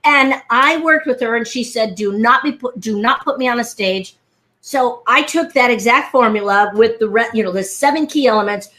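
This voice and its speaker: A woman speaking coach telling stories on a live video call over a headset mic, lively and animated, acting out the people she quotes. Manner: fast, lively storyteller, acts out quotes in a high voice. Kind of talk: animated live-stream chat.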